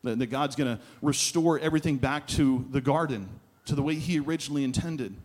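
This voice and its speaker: A male pastor delivers a sermon through storytelling. His mid-pitched voice slows for emphasis on the lines he wants to land. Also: darkish tone. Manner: storytelling, emphatic with slowed key phrases.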